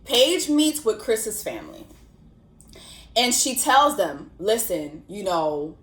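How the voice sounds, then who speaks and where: Animated, profane woman vlogger in a roomy space. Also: medium pitch, slow. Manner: animated, profane, slangy storytelling. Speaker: host. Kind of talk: casual commentary vlog. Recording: roomy echo.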